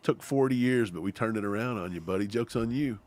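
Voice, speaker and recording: A man's voice: fairly low pitch, fairly quick. A man from Kentucky co-hosting a fan show, joking in casual livestream banter. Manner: animated, joking.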